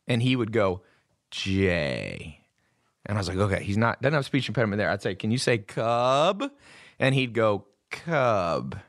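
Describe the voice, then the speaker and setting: A man's voice: medium pitch, gravelly, a bit bright. A man hosting a podcast in casual chat, telling brash stories and swearing freely. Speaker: podcast host. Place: studio table with guests.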